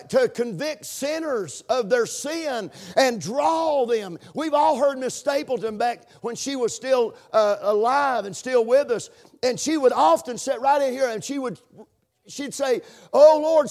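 Male pastor, very high voice, fervent sermon delivery with shouted peaks. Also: unhurried. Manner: impassioned preaching that swings to shouts; repeats words and hesitates with fillers.

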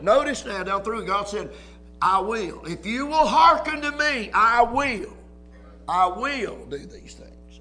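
A man preaching a sermon as pastor at a church service, reading scripture with slow emphasis and rising to loud cries. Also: high voice, big pitch swings, faint music behind.

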